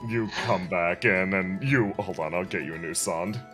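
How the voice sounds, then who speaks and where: A woman's voice: extremely low pitch, normal speed, fairly bright tone, faint music behind. A woman running a tabletop role-play game as game master, laughing often and switching between character voices.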